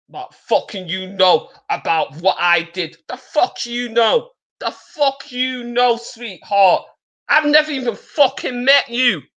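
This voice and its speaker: Give me a woman with a Manchester accent and a bright, forceful voice, talking bluntly on a live stream. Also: a little high. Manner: blunt, profane and confrontational. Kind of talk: heated live-stream talk.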